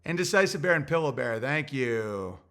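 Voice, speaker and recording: A young man hosting a livestream, reading super chats in a crude, rambling, think-out-loud way. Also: mid-range voice, lively intonation, normal speed. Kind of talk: casual livestream rant.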